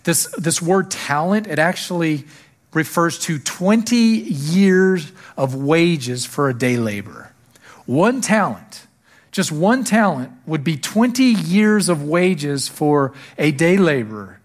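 A man's voice: fairly high pitch, big pitch swings, slow. A male pastor delivering a sermon to his church, repeating key phrases and lifting his voice to stress them. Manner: preaching with rising emphasis on key phrases.

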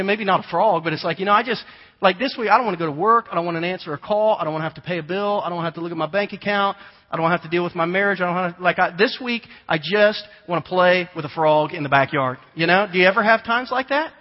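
A man, preaching a conversational sermon and telling stories with animated voices. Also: high voice. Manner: conversational storytelling, animated imitations of children. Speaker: pastor. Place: large church hall. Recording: long hall reverb, dull lo-fi sound.

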